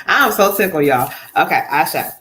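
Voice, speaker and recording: A woman's voice: lowish voice, expressive, slow pace, a bit bright, a little hiss or hum. A woman hosting a live-stream card reading as a psychic medium, chatty, laughing often and calling her viewers "child" and "y'all.".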